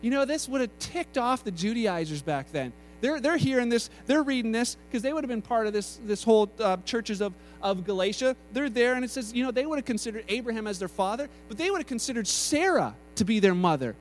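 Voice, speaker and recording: A man's voice: very high-pitched, expressive, brisk, hardly any pauses, a little hiss or hum. A man preaching a sermon in a casual, conversational way, often restarting his sentences.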